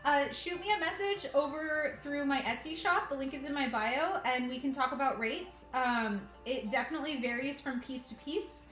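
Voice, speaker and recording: A woman's voice: sits high, normal speed, hardly any pauses, a bit bright, echoey room, faint music behind. A woman chatting casually on a live stream while she cross-stitches, often talking to her pets. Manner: chatty, talks to her pets in a cooing baby voice.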